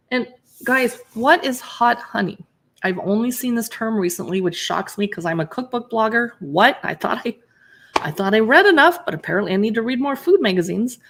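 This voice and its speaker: A woman's voice: mid-range voice, fairly bright tone. A woman who blogs about cookbooks, chatting casually on a live stream as she pages through recipes and answers viewers in chat.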